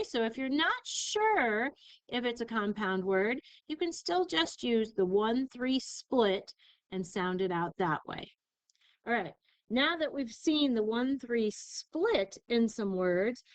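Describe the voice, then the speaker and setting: Lady teacher sounding out words real slow and clear, dry mic. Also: fairly high pitch, dry recording, poor audio. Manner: slow, careful enunciation of syllables. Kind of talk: recorded spelling lesson.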